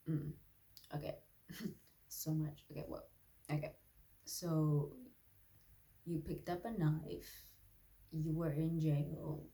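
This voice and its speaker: Woman doing a loud, teasing male entertainer, low-pitched, sing-song mockery, improv comedy.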